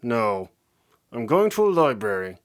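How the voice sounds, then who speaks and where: A man voicing a quiet, solitary male pony who speaks in a flat, matter-of-fact way. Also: medium pitch, unhurried.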